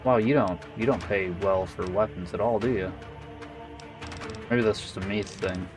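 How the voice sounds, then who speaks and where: A man's voice: on the low side, steady tone, moderate pace, music in the background. A man streaming a game, muttering profane, casual commentary as he thinks aloud.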